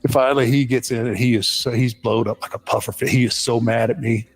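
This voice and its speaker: A man casually telling a funny road-trip story with lively delivery, often laughing. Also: fast talker, slightly rough. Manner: animated, mimics friend in high voice, laughs a lot. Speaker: podcast guest.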